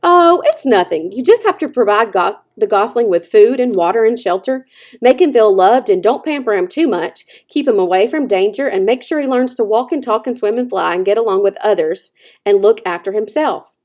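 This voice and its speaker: A woman voicing a blunt, bossy old gray goose who speaks in brisk, scolding squawks, read from a storybook. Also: medium pitch, lively intonation, darkish tone, close to an everyday voice.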